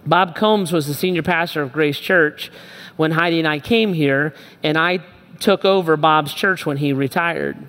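A man's voice: fairly high pitch, normal speed, fairly bright tone, smooth. A middle-aged male pastor preaching a sermon, emphatic and repetitive, speaking straight to his listeners. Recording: long hall reverb.

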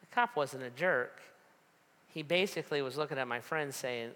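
A man's voice: medium pitch, moderate pace, pushed and bright, big-room sound. A man preaching a sermon, talking like a conversation, telling stories and asking repeated rhetorical questions. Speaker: pastor.

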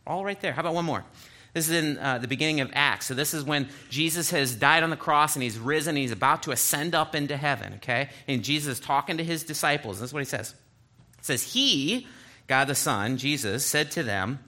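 A man's voice: on the high side, a little fast, bright, forceful tone. A man preaching a sermon, reading scripture aloud and breaking in with explanatory asides. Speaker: pastor.

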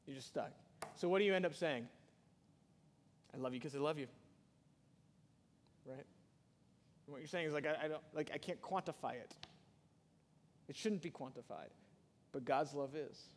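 A man preaching a sermon in a conversational way, with sudden loud rises and soft drops. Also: on the high side, normal speed, long pauses, a little hiss or hum. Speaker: pastor. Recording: long hall reverb.

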